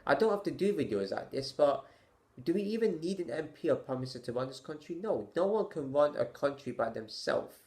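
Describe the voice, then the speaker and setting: A man vlogging his opinions to camera in a halting, stammering way, sighing with exasperation and firing off rhetorical questions. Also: a little high, sing-song, mellow.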